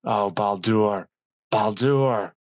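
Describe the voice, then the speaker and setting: A man voicing a thundering, grief-stricken male god of thunder in an audiobook, booming and declamatory. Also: extremely slow, no room sound. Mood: grieving, wrathful.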